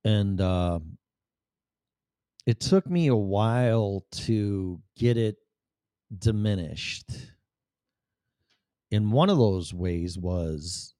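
A man's voice: on the low side, extremely slow, long pauses, warm tone, no room sound, clean studio sound. A middle-aged man talking candidly to the camera in a blunt, rambling, profane way. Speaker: vlogger. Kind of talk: candid personal monologue.

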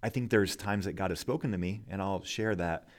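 A man co-hosting a podcast, explaining scripture in a measured, unhurried way. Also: deep voice. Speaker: podcast co-host. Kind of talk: casual Bible discussion.

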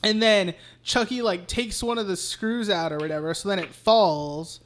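A man's voice: high-pitched, moderate pace, a bit bright. Rambling, profane male podcast host. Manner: rambling, profane, laughing recap. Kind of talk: casual movie recap chat.

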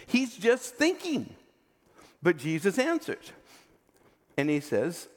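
Lively slow-preaching man in a reverberant hall. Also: high-pitched. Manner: expressive, emphatic, often drops to a quiet intense tone. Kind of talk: sermon.

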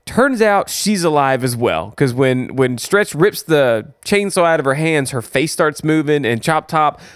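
Lively man recapping a movie. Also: fairly high pitch, clear, resonant tone, no room sound, studio quality. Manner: laughs often, rushes when summarizing. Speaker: podcast co-host. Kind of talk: casual chat recapping a movie.

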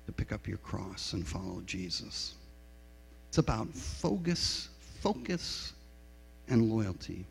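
A middle-aged male pastor preaches slowly and deliberately, with a gravelly, husky voice. He tells stories in a frank, self-deprecating, confessional way. The sound rings in a long church reverb, with a low mains hum underneath. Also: darkish tone. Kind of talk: sermon. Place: church sanctuary.

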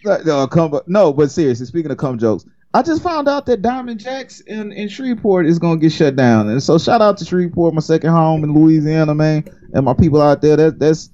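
A man's voice: fairly high pitch, animated, fairly quick, hardly any pauses, dark tone, muffled recording. A young man co-hosting a podcast in casual chat, joking, cursing freely and getting worked up. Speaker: podcast co-host.

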